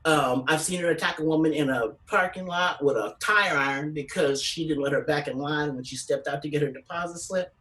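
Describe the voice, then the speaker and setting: A woman comedian doing an animated stand-up storytelling set, salty and quick to act out other people's voices. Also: low-pitched, far from the mic, poor audio. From San Francisco Bay Area.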